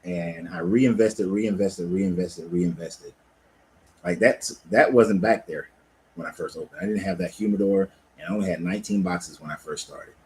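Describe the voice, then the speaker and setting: A man's voice: sits low, a little fast, rough recording. A man, a life coach and cigar lounge owner, talking casually and profanely on a livestream from his lounge. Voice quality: laid-back, profane, animated storytelling.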